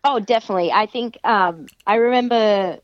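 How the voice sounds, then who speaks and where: A young adult Australian woman, a professional wrestler, chatting in an interview and lively acting out other people's remarks. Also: moderate pace, no echo. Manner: chatty, animated, acts out other people's lines in a higher voice. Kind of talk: casual interview chat. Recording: dry, dull lo-fi podcast sound.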